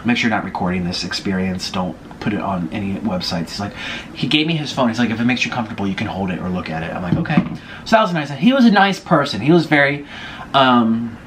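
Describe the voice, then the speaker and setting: A young man talks to his viewers between bites, spilling gossip in a lively, up-and-down voice. The delivery is loose and chatty. A faint hum of the room sits underneath. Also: fairly low pitch, fairly quick. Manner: gossipy, chatty, eating while talking. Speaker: vlogger. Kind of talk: casual mukbang chat.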